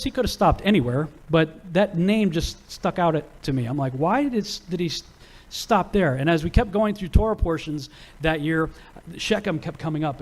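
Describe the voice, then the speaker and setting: A man teaching a Bible lesson to a live audience, casual and animated, acting out the people in his stories. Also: on the high side. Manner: casual and animated, acts out quoted characters.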